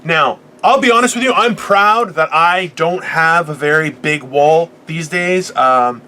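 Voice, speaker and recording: A man's voice: fairly high pitch, measured pace, pushed and bright, slight background noise. A man in his forties hosting a podcast, delivering a profane, boisterous comedic motivational rant. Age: 40s. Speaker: podcast host.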